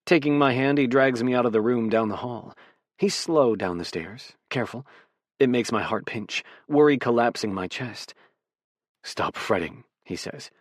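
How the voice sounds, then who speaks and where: Man, audiobook narrator, first-person romance, husky, lowish voice, soft and intimate, dry close recording. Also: moderate pace, no room sound.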